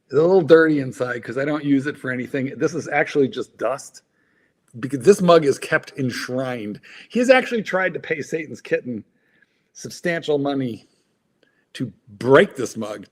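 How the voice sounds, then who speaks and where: A man hosting a livestream, a playful, teasing storyteller in casual chat. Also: mid-range voice. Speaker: host.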